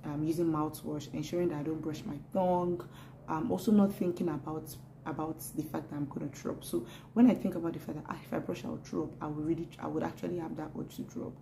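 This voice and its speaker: A young adult woman chatting casually to camera in a vlog, animated and laughing often, repeating words as she talks. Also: low-pitched, fast talker, vocal fry, a little hiss or hum, poor audio. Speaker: pregnancy vlogger.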